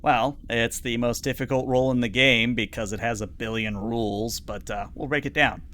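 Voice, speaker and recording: A man's voice: mid-range voice, steady tone, normal speed, sharp tone, slight background noise. A man narrating as game master of a tabletop game, chatty and full of fillers.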